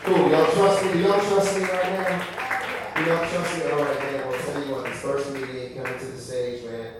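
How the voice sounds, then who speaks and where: A man working as emcee in a comedy club, playfully teasing the audience and building up the next act. He is recorded from far off in a very echoey room. Clear noise hangs under his voice. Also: a little high, flat delivery, normal speed, a loud crowd. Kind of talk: hyping up a live crowd. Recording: very echoey, distant, noisy club sound.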